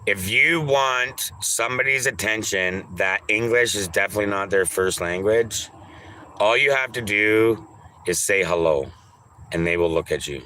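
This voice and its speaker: A man streaming and reading chat in a casual way, teasing viewers, crude and offhand, repeating names in drawn-out pleading calls. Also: on the low side, sharp tone, a little hiss or hum.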